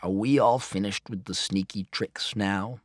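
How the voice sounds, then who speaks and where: A man voicing a kindly, teasing old grandfather in an audiobook, gruff and chuckling. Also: on the low side, steady tone, measured pace, no echo. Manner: gruff, chuckling, gently mocking. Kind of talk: audiobook reading.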